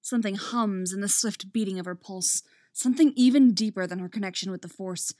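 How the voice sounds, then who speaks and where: A woman reading a fan fiction story aloud as narrator, steady and expressive. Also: mid-range voice, brisk, no room sound, studio quality.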